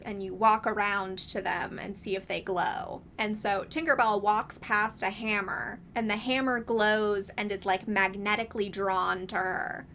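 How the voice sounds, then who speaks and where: A woman's voice: medium pitch, fairly bright tone, a little hiss or hum. A woman giving casual, opinionated commentary, chatty and wry with frequent laughs and sarcastic asides. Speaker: video essayist reviewing films.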